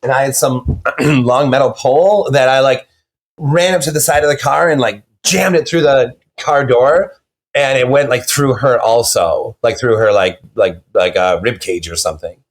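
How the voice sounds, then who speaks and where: Brief: male guest, mid-pitched, rambling casual talk, loose and unpolished. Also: moderate pace. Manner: rambling, many fillers and restarts. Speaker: guest, horror novelist. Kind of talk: casual interview chat.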